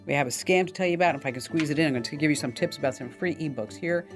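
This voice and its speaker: With music playing in the background, a low-voiced woman rattles off tech tips at rapid-fire speed. It's laid-back call-in radio talk, and she keeps things upbeat and loose, guiding listeners through each tip with plenty of fillers.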